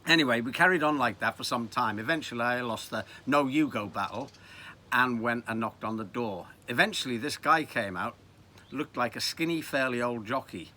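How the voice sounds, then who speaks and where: Old liverpool guy telling stories, wry and lively, very bright voice. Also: mid-range voice, normal speed, slight background noise. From Liverpool, England. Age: 70s. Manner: wry, animated storytelling. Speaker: storyteller. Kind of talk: reminiscing narration.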